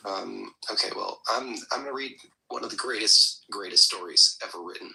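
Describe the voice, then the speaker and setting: A man who speaks haltingly and reads a children's storybook aloud, slipping into a whispery delivery. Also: on the low side, gravelly, bright, forceful tone, poor audio.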